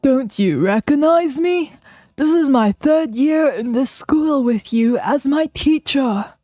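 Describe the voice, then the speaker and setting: A hurt, overlooked male student from a game, as a woman puts him on, speaks slowly in a raised, soft-toned voice. The sound is dry, with faint music behind. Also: high-pitched, animated, dry recording, voice pushed up. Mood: plaintive.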